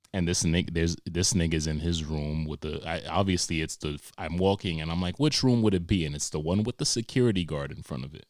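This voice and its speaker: A young man, hosting a podcast and telling comic stories in a profane, animated way with sarcastic asides. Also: low-pitched, a little fast, no echo, studio quality. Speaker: podcast host. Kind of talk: comedic monologue.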